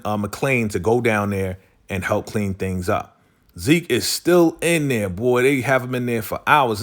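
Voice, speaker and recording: A man giving a casual recap of a TV episode, animated and slangy, full of "you know" and "like". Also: fairly low pitch. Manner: animated, slangy storytelling, acts out quoted lines; frequent "you know" and "like" fillers.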